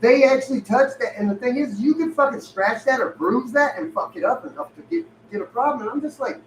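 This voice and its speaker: A rowdy man with a high voice tells his stories and plays every part as he goes, and swearing runs through almost every sentence. He sounds distant from the microphone, and the room adds a strong echo. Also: fairly quick. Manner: rowdy, swears heavily, tells stories acting out both sides. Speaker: podcast co-host. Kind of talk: profane casual chat. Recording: echoey room, far from mic, faint hiss.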